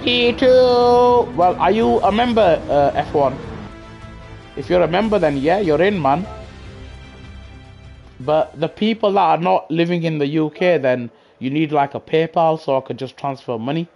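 A man casually chats on a live stream, answering viewers in slangy, easygoing bursts. His voice sits a little high for a man. Clear music and engine noise run behind his headset mic. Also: normal speed, darkish tone, dull audio. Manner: chatty, answers chat, slangy. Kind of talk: casual live-stream chat over gameplay. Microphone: gaming headset. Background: car engine noise and music.

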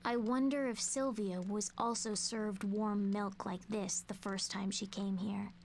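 A woman's voice: medium pitch, fairly even intonation, measured pace, darkish tone, a little hiss or hum, natural voice. A woman voicing a wistful young girl narrator. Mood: hushed. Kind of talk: quiet game narration, often half-whispered.

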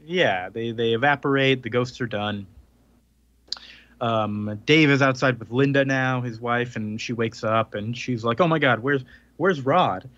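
A man's voice: mid-range voice, fairly even intonation, unhurried, a bit bright, no room sound, dull audio. A man co-hosting a podcast, retelling a comic's plot in a rambling casual way with lots of fillers. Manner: rambling, filler-heavy retelling with acted-out quotes. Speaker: podcast co-host. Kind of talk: casual chat recapping a comic.

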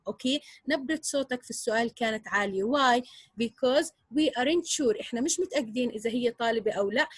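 A woman's voice: on the high side, no echo, rough recording. A woman with an Arabic accent teaching an English grammar lesson, explaining step by step and checking understanding with a frequent "okay?".

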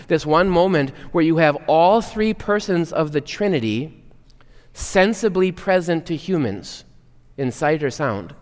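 A man preaching a chapel sermon to students, earnest and swinging from loud, emphatic lines to hushed ones. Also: fairly high pitch, in a large hall. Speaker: chapel speaker. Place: school chapel.

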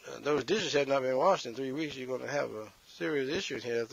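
A man's voice: mid-range voice, fairly quick, vocal fry, hardly any pauses, husky, dry recording. A male pastor preaching a sermon, scolding and addressing the congregation directly, heard on a dull, slightly lo-fi recording.

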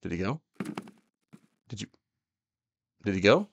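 A man's voice: on the low side, measured pace, lo-fi sound, slight background noise. A young man giving casual gameplay commentary, talking to the game and yelping and laughing at what happens. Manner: excitable, yelps and laughs at the game. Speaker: gaming YouTuber.

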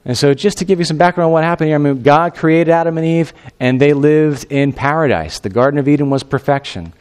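A male pastor preaching a sermon in a conversational, animated way, with fillers like "you know" and "I mean". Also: fairly high pitch, fast talker, smooth.

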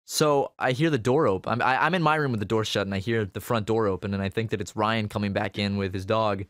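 A young man co-hosting a casual podcast, telling a story with animated delivery and bursts of laughter. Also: lowish voice, fast, no echo, clean studio sound. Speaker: podcast co-host.

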